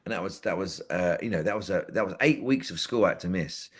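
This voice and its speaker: Man, forties, lowish voice, rambling anecdotes, swears a lot. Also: fast, breathy edge. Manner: rambling, lively, swears freely, acts out quotes. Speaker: podcast guest. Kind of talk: casual anecdotal storytelling.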